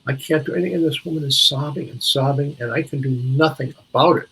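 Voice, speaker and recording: Talking fast in a mid-range, slightly bright, husky voice, an older Minneapolis man appears as a guest on an interview show over poor audio. His storytelling is reflective, with frequent restarts as he looks for the right words.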